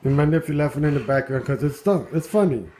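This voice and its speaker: A man's voice: on the high side, animated, quick pace, over a noisy crowd. A man at home, filming his dog on a handheld camera and giving amused running commentary with frequent exclamations and chuckles. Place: at home indoors.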